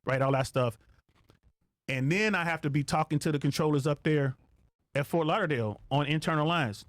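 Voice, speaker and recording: A man's voice: on the high side, fairly quick, dry recording. A man, a podcast guest who works as an air traffic controller, telling stories casually with lots of swearing and acting out radio calls. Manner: profane, animated, acts out radio calls.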